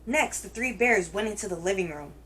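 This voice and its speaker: A woman hosting a children's reading show, telling a picture book aloud in a gentle, expressive way. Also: mid-range voice, brisk, a little hiss or hum, low-quality recording. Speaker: children's story reader, host.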